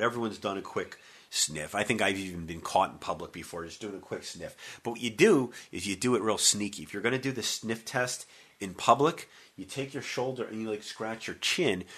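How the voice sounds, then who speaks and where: A man hosting a sports talk radio show, talking in an energetic, joking, conversational way into a studio microphone. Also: lowish voice.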